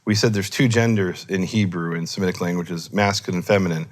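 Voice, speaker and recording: A man explaining grammar in a relaxed teaching discussion, thinking aloud and correcting himself as he goes. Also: deep voice, brisk. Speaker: Hebrew scholar teaching.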